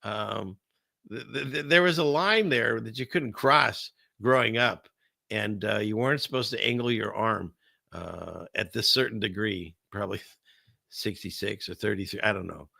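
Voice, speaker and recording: A man hosts a casual commentary stream in a gravelly, bright-edged voice, rambling from point to point with sarcasm. His sound is dry and close, with no room around it. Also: on the low side, moderate pace, no room sound. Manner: rambling, sarcastic, laughs between remarks. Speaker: host of a political commentary stream.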